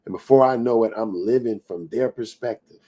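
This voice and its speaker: A man's voice: brisk, mellow. A middle-aged man giving an emphatic motivational talk, repeating phrases for emphasis and sometimes dropping to a whisper. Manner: emphatic preaching with repetitions; drops to a low whisper acting out inner doubts. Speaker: motivational speaker.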